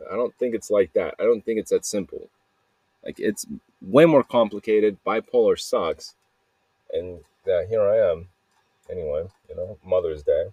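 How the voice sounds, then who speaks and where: A man's voice: low voice, measured pace, warm tone, slightly rough, no echo. A man hosting a podcast, rambling through a personal monologue with frequent swearing and flashes of anger. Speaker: podcast host.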